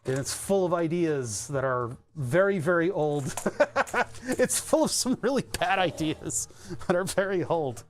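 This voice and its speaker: A man's voice: on the high side, animated, a little slow, slight background noise. A man streaming from a home workbench, chatting loosely with a slightly raised voice. He talks in a sardonic, rambling way, often restarting his sentences. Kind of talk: casual rambling workshop stream. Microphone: desk webcam setup.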